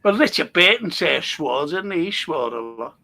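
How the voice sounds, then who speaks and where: A man, a guest telling animated stories, swearing freely and laughing as he goes. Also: fairly high pitch, moderate pace, vocal fry. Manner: animated, swears a lot, laughs mid-story. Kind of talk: casual chat, storytelling.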